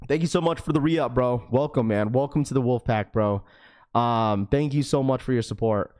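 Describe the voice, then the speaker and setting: Young man, livestream host, energetic, slangy, talkative, casual chat. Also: medium pitch, normal speed. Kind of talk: casual live chat with viewers.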